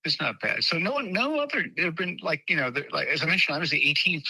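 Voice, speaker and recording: A man's voice: on the high side, big pitch swings, quick pace, gravelly, bright, forceful tone, husky, no room sound, poor audio. A middle-aged man telling stories as a podcast guest, chatty and anecdotal, often restarting sentences. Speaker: guest, former White House usher. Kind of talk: conversational storytelling.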